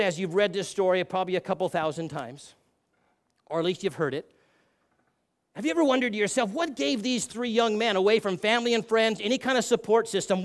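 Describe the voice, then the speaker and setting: High-voiced male preacher, rhetorical. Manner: rhetorical questions, swings between hushed and loud. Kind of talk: sermon.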